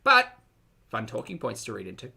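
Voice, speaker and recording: A man's voice: mid-range voice, huge pitch swings, fairly quick, gravelly, bright, forceful tone, slightly rough. A man with an Australian accent doing reaction commentary, reading passages aloud and adding dry, wry asides.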